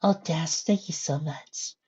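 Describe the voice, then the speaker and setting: A timid, gentle young pony mare with a soft, meek voice, pitched high and held quiet, as a reader puts her on. It is a storybook reading. The sound is dull and lo-fi. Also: expressive, moderate pace, husky. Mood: grateful. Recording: dull lo-fi recording.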